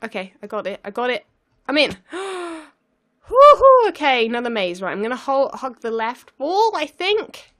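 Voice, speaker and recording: In a fairly high, expressive, fairly bright voice that runs a little fast, a young let's play gamer narrates her gameplay live. Flustered, she talks to herself throughout and laughs a great deal.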